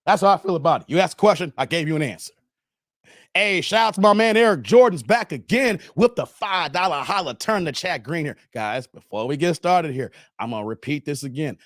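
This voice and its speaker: A man's voice: a little high, lively intonation, brisk, fairly bright tone, no room sound, clean studio sound. A man in his forties from the Chicago area, hosting a casual livestream and talking in a joking, slangy, emphatic way with frequent laughs. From Chicago area, United States. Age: 40s. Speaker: livestream host.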